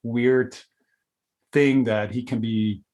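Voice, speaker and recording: A man hosting a relaxed podcast conversation. He talks in loose, rambling sentences full of restarts. His voice sits in an ordinary middle pitch and leaps up when he gets animated. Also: slow. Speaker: podcast host. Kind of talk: casual conversational interview.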